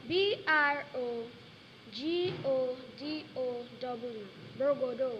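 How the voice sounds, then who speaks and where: A woman's voice: high-pitched, slow pace. A female spelling bee contestant, spelling each word carefully letter by letter. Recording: dull hall recording with steady noise.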